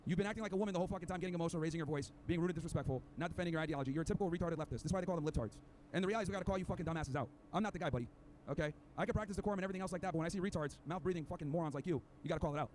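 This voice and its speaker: A man's voice: fairly high pitch, rapid-fire, a little mellow, a little hiss or hum. A man hosting a podcast, arguing in a combative, lecturing way and hurling insults at an opponent. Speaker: podcast host. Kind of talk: heated debate clip.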